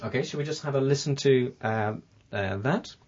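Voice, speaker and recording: A man's voice: mid-range voice, normal speed, a little mellow, slightly rough. A man presenting an educational radio programme about English, talking casually with many fillers and restarts. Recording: dull lo-fi broadcast audio.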